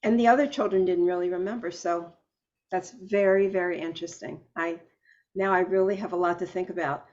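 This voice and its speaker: A woman hosting an interview, thoughtful and personal, speaking in a slightly halting way. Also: fairly low pitch, fairly even intonation, a little mellow. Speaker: podcast host. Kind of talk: reflective interview talk. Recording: dull lo-fi audio.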